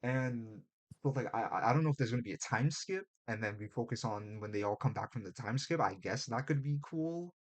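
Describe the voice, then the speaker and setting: A man co-hosting a casual podcast, retelling a show's plot in animated, profane chat and putting on quick mock voices. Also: medium pitch. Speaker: podcast co-host.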